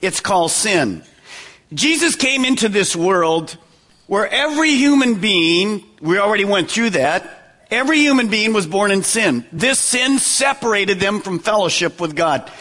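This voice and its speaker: A male pastor delivers a sermon in a high, bright, forceful voice. He preaches dramatically, dropping low and slowing down for emphasis, repeating words and firing questions at the congregation. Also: expressive. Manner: dramatic preaching with wide swings in pitch and pace.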